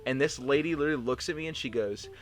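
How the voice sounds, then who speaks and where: A young man co-hosting a casual podcast, telling an animated story full of "like" fillers and swearing. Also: mid-range voice, quick pace. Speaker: podcast co-host. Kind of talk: casual chat.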